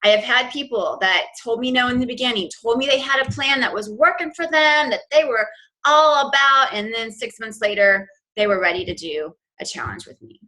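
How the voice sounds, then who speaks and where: Chatty bright-voiced woman coach. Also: fairly high pitch, brisk, low-quality recording. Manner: chatty, with many fillers and restarts. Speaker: fitness business coach. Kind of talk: informal training talk to her team.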